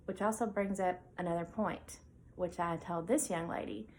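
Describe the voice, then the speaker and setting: A woman veterinarian hosting her own show, talking casually about faith and reading scripture aloud between thoughtful pauses. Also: on the low side, fairly even intonation, darkish tone, slight background noise, rough recording. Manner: conversational with fillers, reads scripture aloud. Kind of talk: casual devotional talk.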